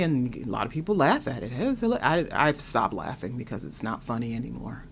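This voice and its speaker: A woman hosting her own show, giving opinionated commentary in an exasperated, animated way, full of rhetorical questions. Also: very deep voice, fairly quick, vocal fry, few pauses, husky. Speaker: host.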